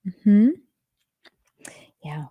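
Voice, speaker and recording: A woman's voice: extremely slow, dry recording, phone-quality sound. A woman from Texas with a faint Texan accent, teaching about spirits in a casual, rambling way with many fillers and restarts. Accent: Texan, mostly faded.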